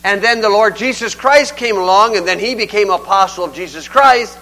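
A man's voice: high voice, normal speed, bright, forceful tone, poor audio. An older man preaching a sermon in a folksy, conversational and emphatic way.

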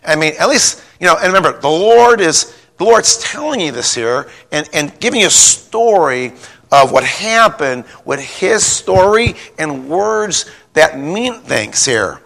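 Gravelly, bright-voiced rambling preacher man. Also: fairly high pitch, unhurried. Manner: rambling, repeats words, rises to shouting when excited. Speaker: pastor. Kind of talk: folksy sermon with personal story.

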